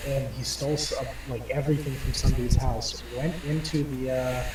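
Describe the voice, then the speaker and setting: A man's voice: mid-range voice, steady tone, moderate pace. Profane rambling man, echoey and far. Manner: profane, rambling, acts out quoted voices. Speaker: player. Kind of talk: crude rambling storytelling. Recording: roomy and distant with clear background noise.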